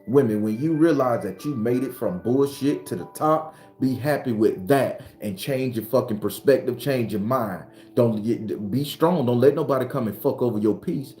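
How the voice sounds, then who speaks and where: A man's voice: mid-range voice, moderate pace, few pauses. A man who hosts his own spiritual channel, giving a blunt, profane, impassioned motivational monologue. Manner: blunt, profane, preachy, rising to shouts when retelling arguments. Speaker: spiritual advisor and channel host. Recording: roomy recording with faint background music.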